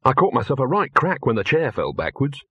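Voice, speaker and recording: A man's voice: mid-range voice, sing-song, brisk, a bit bright, slightly rough, dry recording, exaggerated voice. A plain young man, somewhat bewildered, speaking mildly and a little uncertainly, as a male narrator reads him. The sound is close and dry.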